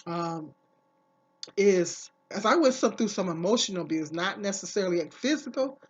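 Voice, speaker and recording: A woman's voice: mid-range voice, animated, moderate pace, husky, highs cut off. A woman vlogger talking casually to camera, giving earnest, emphatic advice and repeating her key phrases.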